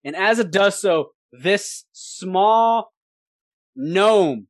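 Lively tabletop game master narrating. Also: mid-range voice, dry recording. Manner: lively, laughing narration with quick asides.

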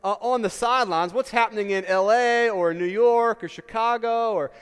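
A man's voice: high-pitched, normal speed, clean tone, big-room sound. A male pastor, preaching a sermon in a conversational way, with asides and rhetorical questions.

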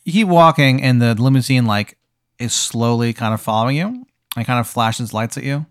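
A man's voice: medium pitch, expressive, moderate pace, clear, resonant tone, dry recording, studio quality. Casual, meandering male game master. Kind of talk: improvised narration of a role-playing game.

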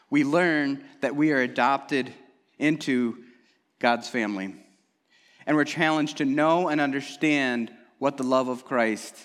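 A man, as a youth pastor, giving a relaxed, conversational Bible lesson and reading scripture aloud. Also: medium pitch. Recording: long-reverb hall.

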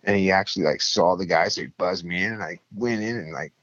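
Low-voiced man telling a profane story. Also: fast, lo-fi sound, slight background noise. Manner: profane, rambling, animated when quoting people. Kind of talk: casual storytelling chat.

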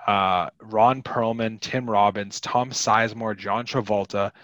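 Low-voiced man hosting a chatty podcast. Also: fairly even intonation, unhurried, fairly bright tone, no echo, lo-fi sound. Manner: chatty, rambling, wry. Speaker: podcast host. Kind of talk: casual chat about a film.

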